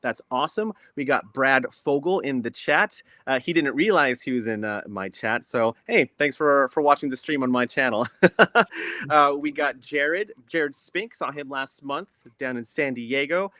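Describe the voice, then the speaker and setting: A man's voice: medium pitch, moderate pace, hardly any pauses, pushed and bright, no echo, studio quality. A man guest on a casual livestream, chatty and upbeat, laughing easily. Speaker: guest creator.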